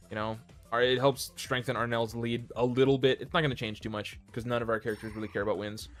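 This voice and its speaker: A man streams live commentary of a board video game, calling each roll and fight in quick play-by-play. He mixes in self-deprecating asides, and faint music plays underneath his voice. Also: medium pitch, a bit bright. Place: home streaming setup.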